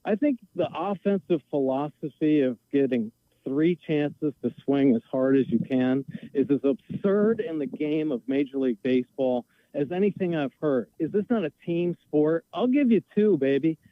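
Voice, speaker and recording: Ranting male caller, a bit high-pitched, on a thin phone line. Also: lively intonation, normal speed, no room sound. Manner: exasperated, emphatic, ranting. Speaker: call-in guest. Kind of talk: heated sports opinion rant.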